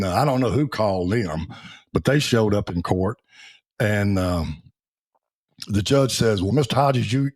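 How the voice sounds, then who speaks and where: Husky older man telling stories. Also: lowish voice. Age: 70s. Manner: folksy, laughs through his stories, acts out the voices of people in them. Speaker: guest, Navy veteran. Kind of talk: storytelling in a podcast interview.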